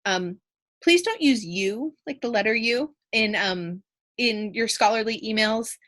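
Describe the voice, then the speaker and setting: A young woman teacher talking through a casual video lesson, chatty, with frequent fillers and lively jumps in voice when she reads out example phrases. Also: a little high, a little slow.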